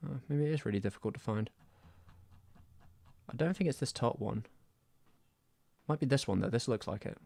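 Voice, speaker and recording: A man's voice: mid-range voice, normal speed, vocal fry, pauses often, a little mellow, dry recording. A young English man from the Southwest with a West Country accent, rambling and self-deprecating in casual livestream chat on a close mic. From Southwest England. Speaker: streamer.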